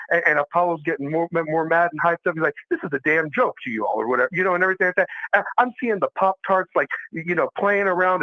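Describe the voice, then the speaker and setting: A man's voice: fairly high pitch, lo-fi sound. A man co-hosting a live sports talk show, ranting hard about his team, swearing a lot and stumbling over repeated words as he trash-talks. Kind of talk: heated fan rant on a live show.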